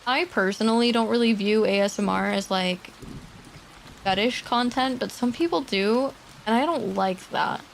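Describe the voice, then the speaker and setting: A woman streamer chatting casually and quietly with her viewers at her desk mic, laughing often and swearing now and then. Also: fairly high pitch, normal speed, vocal fry, a little hiss or hum. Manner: soft-spoken, talking quietly. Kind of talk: casual livestream chat. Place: home streaming setup.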